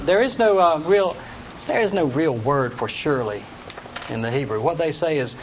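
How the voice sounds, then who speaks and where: Male Bible study teacher, high-pitched, plain explainer, muffled classroom recording. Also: moderate pace. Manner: explains plainly, reads scripture aloud in King James wording. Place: classroom with students. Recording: dull lo-fi recording with faint noise.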